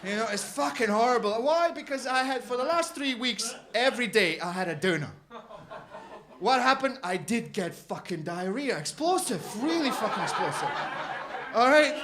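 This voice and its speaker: A man doing a stand-up comedy set, animated and swearing, acting out little scenes. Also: very high-pitched, normal speed, background noise. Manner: animated, swearing, acts out characters. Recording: live comedy club.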